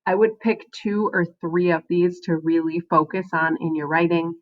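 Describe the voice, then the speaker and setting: A woman's voice: lowish voice, steady tone, moderate pace, lo-fi sound. A woman teacher giving a recorded writing lesson to her class, encouraging and often checking in with "right?" between points.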